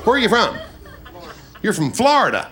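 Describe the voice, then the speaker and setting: A man on a live stage teases his crowd in folksy, joking banter. His voice sits high and swings widely as he spins his stories. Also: wildly swooping pitch, moderate pace, very noisy. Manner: joking, teasing, folksy storyteller. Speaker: country singer performing on stage.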